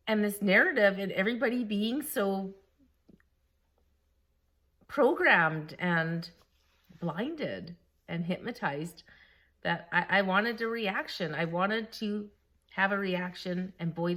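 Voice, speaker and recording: A woman vlogging to her camera, telling a story in a lively, laughing way and often quoting the people she talks about. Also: mid-range voice, slow pace, long pauses. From Canada. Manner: animated, laughing, quoting others. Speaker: vlogger, former school staff member.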